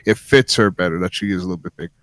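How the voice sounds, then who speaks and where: A man co-hosting a live wrestling stream on a call, talking in a steady, matter-of-fact way. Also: low voice, racing, no room sound. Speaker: co-host.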